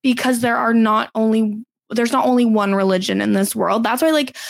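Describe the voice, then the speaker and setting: A woman's voice: a little high, steady tone, moderate pace, vocal fry, no room sound. A woman co-hosting a podcast in casual, opinionated chat, saying "like" often. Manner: conversational, opinionated, uses "like" often. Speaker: podcast co-host.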